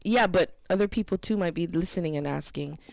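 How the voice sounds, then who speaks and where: A woman co-hosting an internet radio show, chatting casually and telling stories in an animated way. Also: lowish voice, fairly quick, gravelly.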